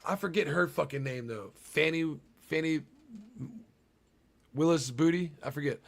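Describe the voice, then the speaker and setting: A young streamer with a slightly high, gravelly voice recaps a film at a measured pace. His casual stream is full of rambling, frequent profanity, and asides to chat.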